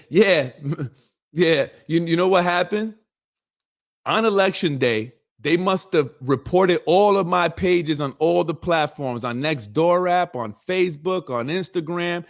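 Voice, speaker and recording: A man's voice: on the high side, lively intonation, unhurried. A middle-aged man hosting a political show, delivering a blunt, confrontational, streetwise monologue. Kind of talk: heated monologue.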